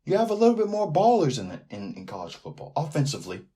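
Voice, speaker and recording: A man hosting a sports podcast alone, talking in a loose, animated way that keeps drifting off into tangents. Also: fairly high pitch, quick pace. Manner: rambling, animated, riffs off on tangents. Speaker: podcast host. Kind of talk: casual sports podcast monologue.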